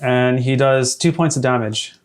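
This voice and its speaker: A man running a tabletop game as game master, hesitant with many fillers and quick to laugh. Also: mid-range voice, a little hiss or hum.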